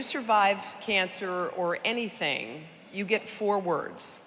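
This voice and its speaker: A middle-aged woman gives a lively, conversational speech about her own life, turning to the audience as she goes. Her voice rings out through a large hall with a long echo. A faint background hum sits under her words. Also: medium pitch, takes it slowly. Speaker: guest speaker at a charity gala. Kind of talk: personal storytelling speech.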